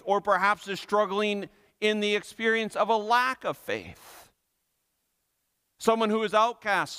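A pastor preaching a sermon to his congregation, earnest and emphatic, slowing down and repeating phrases for stress. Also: high voice, bright, forceful tone, clear, resonant tone. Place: church.

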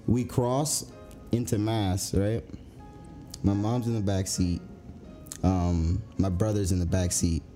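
A man telling a story in relaxed, rambling casual chat. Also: low-pitched. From Massachusetts.

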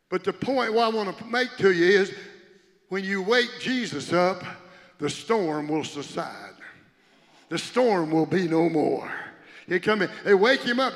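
Male pastor preaching in a church, high voice, goes loud then drops to a hush, long echo in the hall. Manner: swings from loud preaching to hushed near-whisper; calls on the congregation to respond. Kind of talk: sermon.

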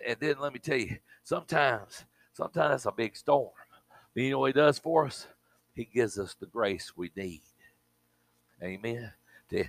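Male preacher, fairly high voice with a gravelly edge, emphatic sermon delivery, dry close sound. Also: fairly bright tone, no echo, low-quality recording. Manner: emphatic, repeats words, frequent "amen".

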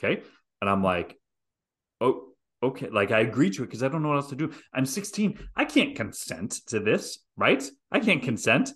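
A middle-aged man hosting a podcast, telling a story with lots of swearing and acted-out voices. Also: mid-range voice. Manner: animated, profane storyteller acting out scenes. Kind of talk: storytelling chat.

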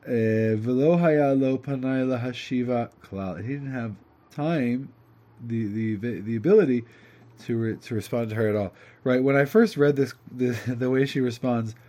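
A man teaching a lesson in an animated, chatty way, reading a story aloud, translating it and breaking into asides. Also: medium pitch, slow pace.

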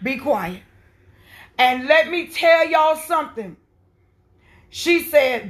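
A woman preaching a sermon, swinging from soft, quiet lines to impassioned shouting. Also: sits high, lively intonation, measured pace, pauses often.

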